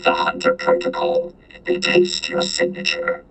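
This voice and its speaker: A man's voice: huge pitch swings, a little slow, a bit bright, soft background music, heavily acted. A man voicing an ancient sentient vending machine that speaks in clipped, broken phrases through a synthesized, multitonal robotic voice. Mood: ominous. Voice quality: deep, gravelly, multitonal whining.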